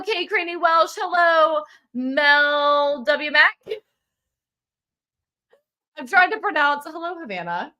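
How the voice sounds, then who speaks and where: A woman's voice: sits high, sharp tone. A chatty woman, hosting a live quilting class and greeting viewers by name. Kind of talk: live-stream chat with viewers.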